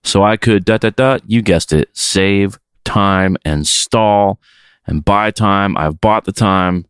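Deep-voiced playful man host. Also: slow pace, a bit bright, clear, resonant tone, dry recording, clean studio sound. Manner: playful, rambling, reads listener emails. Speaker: podcast host. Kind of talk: casual podcast chat.

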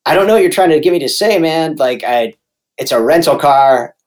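A man's voice: fairly high pitch, brisk. A man in a casual chat, telling a story from touring with his band, acting out the people he quotes and often restarting his sentences. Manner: animated storyteller, acts out quoted voices, frequent restarts.

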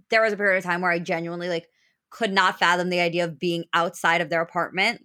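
A woman co-hosting a casual recap chat, earnest and opinionated, with a measured delivery. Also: lowish voice, a bit bright. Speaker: podcast co-host.

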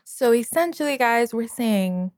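A woman's voice: fairly high pitch, animated, a little slow, darkish tone. A woman hosting a podcast in a casual chat, bubbly and full of fillers. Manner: bubbly, filler-heavy, laughs often. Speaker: podcast host.

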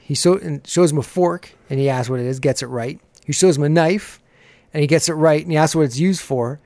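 A man's voice: a little high, fairly quick, a little mellow, dry recording. A man hosting a podcast, casually recapping a TV episode and laughing often as he retells scenes. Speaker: podcast host.

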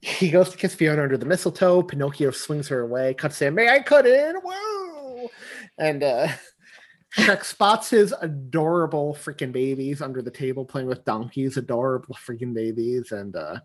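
A man recapping a movie on a chatty podcast, laughing as he goes. He bursts into little acted-out lines from the characters, keeping the pace easy and conversational at a middle pitch. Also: a little fast, hardly any pauses. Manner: animated retelling, laughs often, acts out quotes. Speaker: podcast co-host. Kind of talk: casual movie recap chat.

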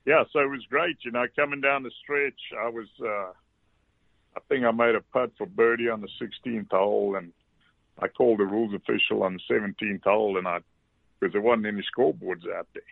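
A man from South Africa with a South African accent, a golfer guest telling relaxed anecdotes with salty language on a casual interview. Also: lowish voice, a little fast, vocal fry, no echo. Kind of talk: casual storytelling. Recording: dry tinny phone line.

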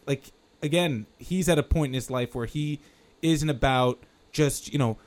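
A man's voice: mid-range voice, normal speed, a little mellow. Reflective man speaking in fillers. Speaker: podcast co-host. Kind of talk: casual chat.

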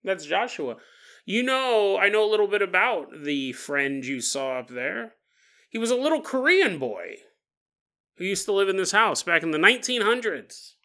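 A calm, folksy old shopkeeper who jokes at his own expense, as a podcast host puts him on. The voice stays bright and slides up and down in pitch, with an easy, unhurried manner. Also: exaggerated voice. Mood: calm, amused. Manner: calm, folksy, self-mocking. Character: calm, jokey old male watch-shop owner.

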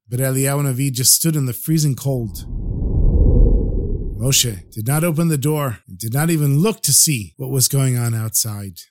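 A man narrating a traditional folk tale on a storytelling podcast in an expressive, animated way. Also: mid-range voice, normal speed.

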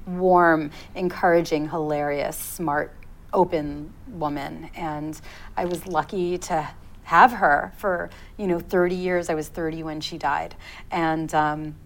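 A woman in her thirties speaks as an interview guest. Her voice sits a little low, and she tells a personal story haltingly, pausing and restarting as she reflects. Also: rough recording.

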